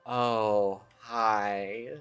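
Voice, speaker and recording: A man's voice: lowish voice, level tone, very slow, fairly bright tone, smooth, faint music behind. A man streaming a dating game, reading its text aloud and joking with playful, self-mocking asides.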